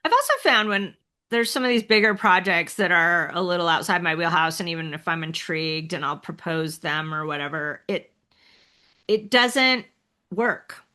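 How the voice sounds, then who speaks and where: A woman speaks as a podcast guest, her voice bright and forward. She talks candidly and reflectively in a relaxed conversational way, often laughing at her own stories. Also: on the low side, normal speed. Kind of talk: conversational interview.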